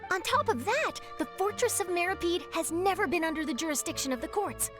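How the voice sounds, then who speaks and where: A woman's voice: very high voice, expressive, fairly quick. A woman voicing a nosy, scoop-hungry young female newspaper reporter with theatrical, gossipy asides. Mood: eager. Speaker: journalist. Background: game music.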